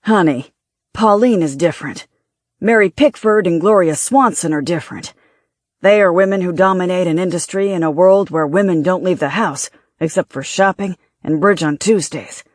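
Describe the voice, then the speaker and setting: A narrator voicing a devoted adult man teasing his lover affectionately, a little louder than the narration. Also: high-pitched, moderate pace, dry recording, clean studio sound, close to an everyday voice. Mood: teasing, tender.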